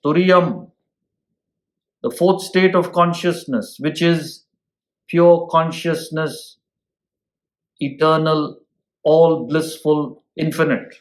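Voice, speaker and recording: A man teaching an ancient scripture at an unhurried pace, stopping to ask his listeners "hmm?" and reaching for everyday examples. His voice sits a little high for a man. The room gives it a noticeable echo. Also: fairly even intonation. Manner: explains with homely examples and asks listeners "hmm?". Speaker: spiritual teacher. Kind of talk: scripture lecture.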